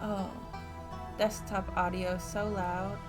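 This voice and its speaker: A woman streamer chats her way through a narrative game at home. She talks slowly and rambles enthusiastically, full of fillers, and faint music plays under her voice. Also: mid-range voice, level tone. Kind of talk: casual let's-play chat.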